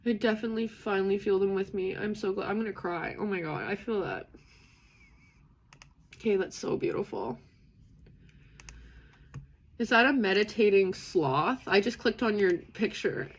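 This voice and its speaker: A woman's voice: medium pitch, moderate pace, pauses often. A young woman from Canada hosting a live stream, talking casually and earnestly with viewers, rambling and emotional with lots of fillers.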